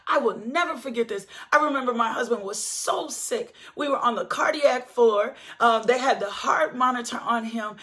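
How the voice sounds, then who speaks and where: A middle-aged woman, hosting and giving an emotional faith testimony, repeating phrases and building up to shouts. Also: a little high, normal speed, few pauses. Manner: preachy, repetitive, building to shouts. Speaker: podcast host.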